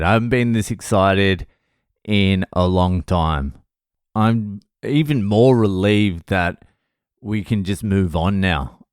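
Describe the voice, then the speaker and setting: A man's voice: on the low side, darkish tone, clean tone, no room sound, studio quality. A man, a comedian, telling a story in a casual vlog with a sardonic, profane manner.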